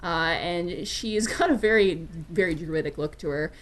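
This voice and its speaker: A woman's voice: on the low side, moderate pace. A woman narrating as game master of a tabletop game, playful and giggly, with lots of fillers.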